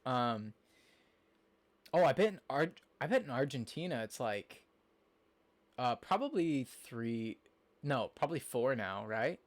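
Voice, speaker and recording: A young man talks to his stream chat in a loose, rambling way. He fills his sentences with "like" and "um" and answers viewers as he goes. His voice sits at an ordinary middle pitch. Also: expressive, a little slow, long pauses. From Nebraska, USA. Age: young adult. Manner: rambling, chatty, lots of fillers, reacts to chat. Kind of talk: casual live-stream chat.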